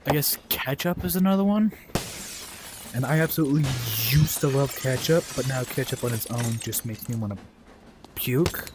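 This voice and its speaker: A man ranting casually and bluntly about food while playing a game, with quick asides and apologies. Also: on the high side. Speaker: gameplay streamer. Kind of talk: casual rambling rant while gaming. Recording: noisy home recording.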